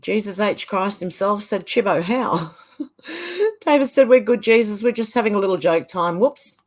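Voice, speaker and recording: With an animated, mid-range voice at a moderate pace, a middle-aged woman from Ireland hosts a relaxed livestream. She's chatty, laughs frequently, and lilts through the viewer comments as she reads them out.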